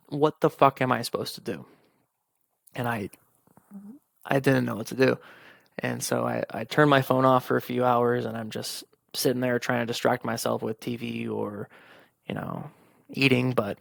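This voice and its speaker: Gravelly-voiced young man telling a story. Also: medium pitch, a bit bright, dry recording. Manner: frank and profane, retelling conversations. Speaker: podcast host. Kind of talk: candid personal storytelling.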